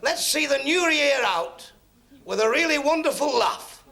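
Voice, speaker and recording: A man's voice: very high voice, expressive, measured pace, creaky, bright, forceful tone. A man compering at a club, introducing the next act with dry joking banter. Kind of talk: introducing acts. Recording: old club recording with crowd laughter and noise.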